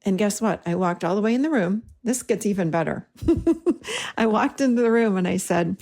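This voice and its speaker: A middle-aged woman hosting a talk, telling a personal story in an animated way and acting out the dialogue. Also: medium pitch, normal speed. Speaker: host and therapist-style teacher.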